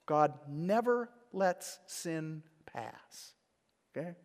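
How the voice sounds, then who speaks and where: Guy preaching, fairly high voice, goes loud then whispery, big hall echo. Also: sing-song, very slow. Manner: dramatic, swings from loud to hushed. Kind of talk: sermon. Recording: long hall reverb.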